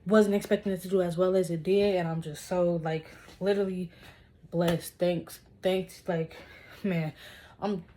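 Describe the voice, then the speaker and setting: Young woman vlogging from her room, slightly low voice. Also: measured pace. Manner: excited, repetitive, talks straight to her viewers. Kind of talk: casual vlog chat. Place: her room indoors, dimly lit.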